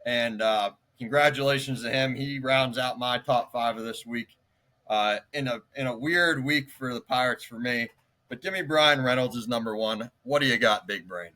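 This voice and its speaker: Mężczyzna o jasnym, ostrym głosie. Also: male voice, mid-range voice. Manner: relaxed, frequent filler pauses. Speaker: podcast co-host. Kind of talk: casual sports talk.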